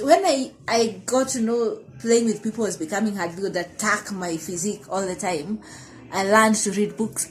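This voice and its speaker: In a reflective, confessional personal vlog, a woman in her thirties speaks candidly to the camera and often corrects herself mid-sentence. Her voice is a little high, and the recording is rough.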